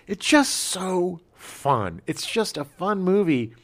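Enthusiastic, lively podcast co-host man. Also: high-pitched, takes it slowly. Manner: enthusiastic, rambling, with restarts. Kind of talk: casual movie review chat.

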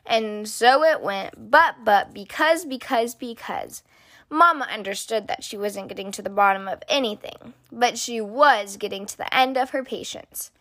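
A woman reading a children's picture book aloud in an expressive, sing-song storytelling manner. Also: fairly high pitch, moderate pace, no room sound, clean studio sound. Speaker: storybook reader.

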